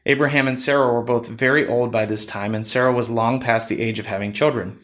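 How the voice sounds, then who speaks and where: A man hosting a podcast, reading Bible passages aloud in a plain, steady voice. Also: mid-range voice, brisk. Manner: plain steady narration, casual with fillers in sign-off. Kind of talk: scripture reading.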